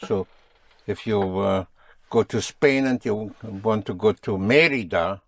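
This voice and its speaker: A man's voice: on the low side, takes it slowly, no room sound. A man teaching a language lesson, patiently quizzing his students and explaining rules. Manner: patient, drilling students with questions.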